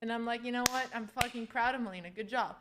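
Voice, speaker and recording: A woman's voice: on the high side, fast, background noise. A young woman in her twenties telling a story in casual chat, swearing freely and acting out what people said. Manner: animated, swearing, acts out quotes. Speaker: streamer.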